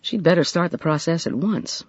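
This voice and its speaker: An audiobook narrator reading a mystery in scripted narration with expressive, varied delivery. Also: medium pitch, normal speed, husky, dry recording, muffled recording.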